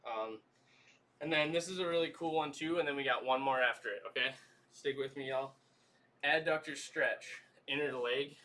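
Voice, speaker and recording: A man leading a livestream workout, coaching stretches in a relaxed, chatty way. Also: mid-range voice, normal speed, distant mic. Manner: easygoing, coaching with lots of "y'all" and "okay?". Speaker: fitness trainer.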